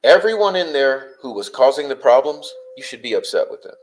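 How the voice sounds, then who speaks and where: A man hosting a livestream, answering his chat in an exasperated, confrontational rant full of swearing and rapid-fire rhetorical questions. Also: mid-range voice, sing-song. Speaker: livestream host.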